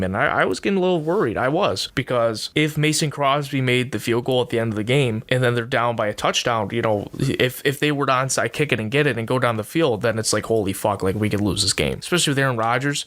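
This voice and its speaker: A man's voice: medium pitch, fairly bright tone. A young man hosting a sports podcast, ranting in a heated, profane, rambling way with lots of restarts. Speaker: podcast host. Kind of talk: casual sports rant.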